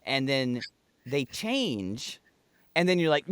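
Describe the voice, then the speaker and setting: A man's voice: mid-range voice, big pitch swings, slow pace, pauses often, a bit bright, clean tone, no echo, clean studio sound. A middle-aged man co-hosting a podcast in casual chat, heated and profane, stumbling over the starts of his words. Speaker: podcast co-host.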